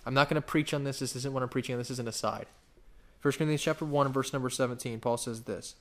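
A pastor with a medium-pitched, fairly bright voice preaches in a loose, rambling style full of asides and restarts. When he reads scripture aloud, he slows down and leans on the words for emphasis.

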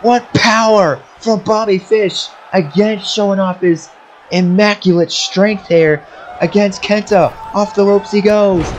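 A man doing excitable play-by-play commentary over a wrestling video game, often shouting at big moves. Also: high voice, a little slow, slight background noise, rough recording. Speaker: amateur commentator.

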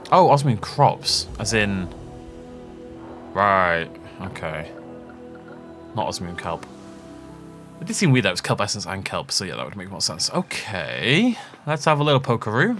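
A man giving casual, jokey let's play commentary, rambling through asides and laughing often. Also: on the low side. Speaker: gaming channel host. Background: game music.

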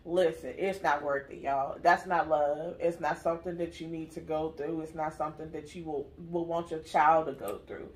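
A woman's voice: low-pitched, fairly even intonation, normal speed, few pauses. A woman hosting her channel, telling a personal story in casual chat with an emphatic, direct manner. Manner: emphatic, storytelling, addresses viewers as y'all. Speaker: channel host, mother.

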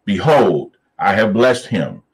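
A man leading a Bible study, reading scripture aloud slowly and then riffing on it in a lively, preacherly way. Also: lowish voice, poor audio.

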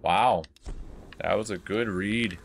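A man's voice: on the low side, slow pace, gravelly. A man doing casual commentary over a game playthrough, muttering in exasperation and swearing often. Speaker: gameplay host. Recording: noisy home recording.

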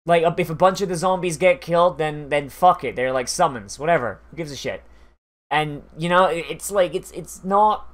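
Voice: medium pitch, normal speed. Reaction host, loose chatty delivery, profane, filler-heavy. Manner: rambling, profane, full of fillers and restarts; frequent laughter. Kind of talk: casual reaction commentary.

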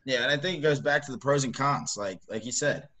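Casting: male podcast co-host, mid-pitched, loose conversational delivery, lots of fillers. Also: a little fast. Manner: relaxed, rambling, heavy on "like" and "you know". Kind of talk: casual chat.

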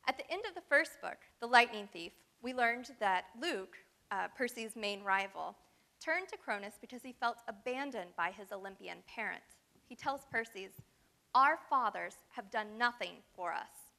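A woman in her thirties delivers a guest lecture from a prepared text. Her voice is bright, clear and a little high. She speaks in a measured, scholarly way. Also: expressive.

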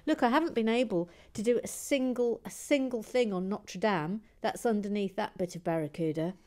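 Building something on her livestream, a woman with a medium-pitched voice reads viewer messages aloud and chats casually at a moderate pace. She's self-deprecating and talkative, restarts often, and keeps slipping into soft whispered asides.

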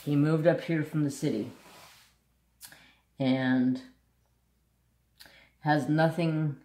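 A man's voice: a little high, fairly even intonation, very slow, warm tone, reverberant. A man hosting a craft channel, telling a country story bluntly and saltily in casual chat. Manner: blunt, salty rural storyteller.

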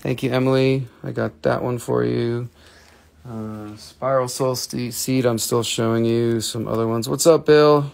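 A man's voice: medium pitch, fairly even intonation, unhurried, vocal fry, darkish tone. A man hosting a live stream that sells minerals, chatting and joking with viewers as he shows his stones. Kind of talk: live sales stream chat.

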